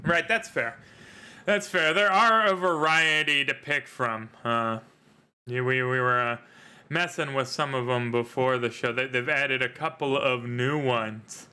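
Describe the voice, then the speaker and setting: A man's voice: medium pitch, unhurried, bright, forceful tone. A man hosting a live tabletop role-playing stream as game master, joking and rambling with fillers.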